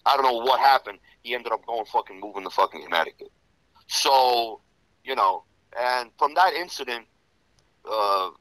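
A man telling rough stories in a casual interview, profane and rambling, full of "you know". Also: fairly low pitch, bright, forceful tone, no room sound, poor audio. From Serbian Romanian background. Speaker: interview guest.

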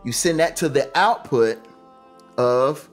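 A man who plays the talk box, a guest explaining it in casual, enthusiastic talk with relaxed slang. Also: mid-range voice, slow, faint music behind.

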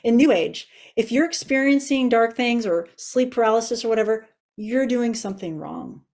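Woman in her forties, guest giving an earnest, emotional testimony; slightly higher voice. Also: animated, normal speed, gravelly, a little mellow. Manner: earnest and emotional, tearful at times. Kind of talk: personal testimony interview.

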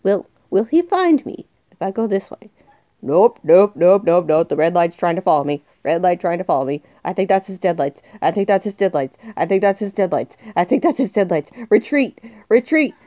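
A woman's voice: fairly low pitch, lively intonation, moderate pace, warm tone, no echo, clean studio sound. Jumpy young woman gaming. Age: 20s. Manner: jumpy, swings from mutters to shrieks. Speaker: gaming youtuber. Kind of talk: excited let's-play commentary.

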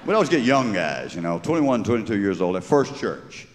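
A man's voice: fairly low pitch, sing-song, fairly quick. A man with a Georgia Southern accent doing folksy, rambling stand-up storytelling on stage. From Georgia, USA. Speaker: stand-up humorist. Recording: live stage recording with long reverb.

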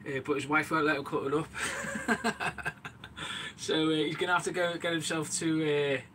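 Bloke chatting away on a live stream from his bait shack, calls everyone mate, sharp bright voice. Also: on the high side, level tone, fast, slight background noise. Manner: chatty, calls viewers mate, reads out and answers live chat. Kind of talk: live stream chat while working. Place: small bait and tackle shack, indoors.

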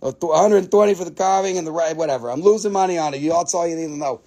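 A man's voice: on the high side, racing, mellow. A man hosting a live crystal sale, joking, swearing and haggling over prices in casual talk. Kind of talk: casual live sales stream.

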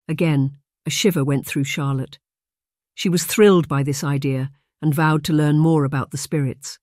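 An audiobook narrator reading a historical romance in a steady, measured storytelling manner. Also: mid-range voice, no room sound, clean studio sound.

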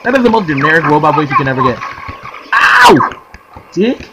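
A young man giving sarcastic let's play commentary, yelling and screaming at the game. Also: fairly high pitch, expressive, racing, heavy background noise. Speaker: gaming commentator. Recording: game music behind.

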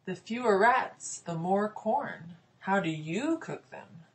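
A small, clever farmer's daughter with a brisk, self-assured way of speaking, read by a woman. Her lines lift a little above the narration, quick and decided, in a storybook telling. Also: mid-range voice, animated.

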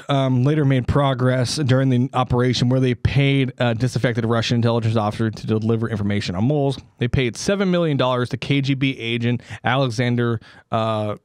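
A man's voice: mid-range voice, clear, resonant tone, dry recording, studio quality. Casual man telling a story on a podcast. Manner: stumbling over names, joking asides. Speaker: podcast co-host.

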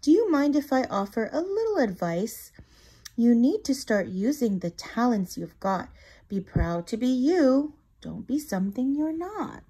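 Give me a squeaky little mouse, as a woman puts him on. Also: sing-song, dark tone, breathy edge, heavily acted. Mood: squeaky, eager. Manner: squeaky, brisk. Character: helpful little male mouse, bossy but kind.

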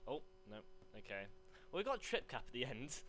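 A young man commentating live on his gameplay, rambling between chat and excited yelps. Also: mid-range voice, brisk, a little hiss or hum. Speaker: gaming commentator.

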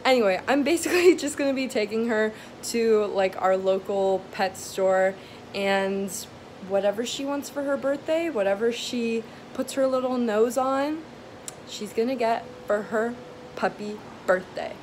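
A woman's voice: fairly high pitch, unhurried, a little mellow, slight background noise, poor audio. A young woman vlogger chatting casually to her viewers, with plenty of "um" and "like" fillers. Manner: chatty, filler-heavy talk with lots of "um" and "like". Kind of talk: casual vlog chat. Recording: music playing behind.

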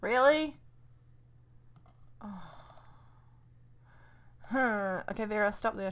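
A young woman with a New Zealand accent gives chatty, rambling gameplay commentary, often trailing off into murmured asides. Her voice sits a touch high for a woman. It is recorded close on a desk microphone at home. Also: slow pace, pauses often. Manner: rambling, chatty, mutters to herself. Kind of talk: casual let's play commentary.

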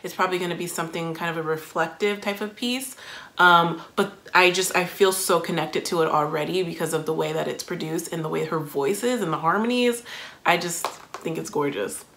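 A woman hosting a music reaction video, giving thoughtful, emotional first impressions with frequent pauses and fillers. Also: on the low side, vocal fry, fairly bright tone. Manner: thoughtful, emotional, many fillers and self-interruptions. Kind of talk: casual reaction commentary.

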